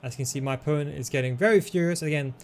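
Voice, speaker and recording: A man's voice: a little high, very fast, slight background noise. Man coaching over gameplay footage. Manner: relaxed, coaching, talks through his moves. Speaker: gaming tutorial host.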